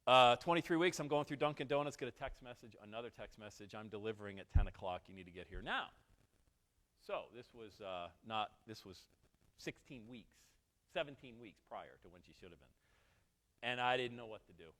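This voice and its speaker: Animated man speaking in echoing hall. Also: mid-range voice, moderate pace. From Western New York, USA. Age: 40s. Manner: animated, joking asides to the audience. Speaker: motivational speaker. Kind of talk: storytelling keynote talk. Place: event hall.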